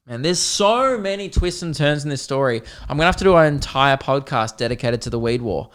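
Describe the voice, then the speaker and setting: A man, hosting a podcast and telling a comedic story in an animated, mock-dramatic way with plenty of swearing. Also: medium pitch, moderate pace, clean tone. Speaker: podcast host.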